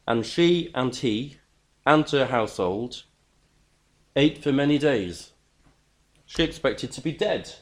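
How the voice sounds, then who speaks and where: Male preacher, earnest and emphatic, stumbles over repeated words for emphasis, mid-pitched. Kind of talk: sermon.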